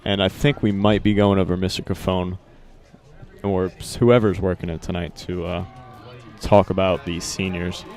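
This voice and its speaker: Low-voiced teen student broadcaster, man. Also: little pitch movement, moderate pace, darkish tone, a faint crowd. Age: teens. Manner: rambling, filler-heavy, joking. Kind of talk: casual live commentary chat. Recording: music playing behind.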